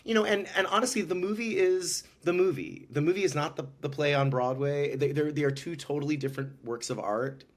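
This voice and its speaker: A man's voice: a little high, fairly quick, few pauses. A middle-aged man, a musical director, talking as a guest in a casual podcast interview, effusive and rambling with many restarts.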